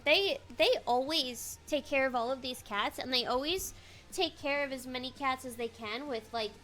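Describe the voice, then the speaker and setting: High, bright-voiced young woman streamer. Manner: rambling, halting, repeats words. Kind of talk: casual live-stream chat.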